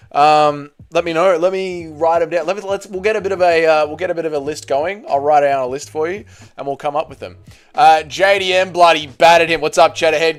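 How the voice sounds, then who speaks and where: An Australian man hosting a live stream, chatting casually, reading chat aloud and swearing freely. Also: on the high side.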